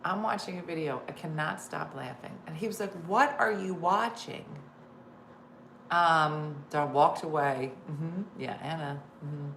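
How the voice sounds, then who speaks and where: Chatty laughing woman, low voice. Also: moderate pace, hardly any pauses, a bit bright, echoey room, slight background noise. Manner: chatty, laughing, reads viewer comments aloud. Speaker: host. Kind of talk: casual live-stream chat.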